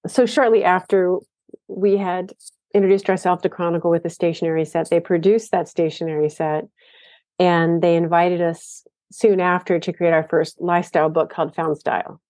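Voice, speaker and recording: Woman guest with a low mellow voice, dry sound, chatting excitedly about her work. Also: normal speed, dry recording. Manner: storytelling, enthusiastic. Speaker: guest, designer. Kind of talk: casual interview talk.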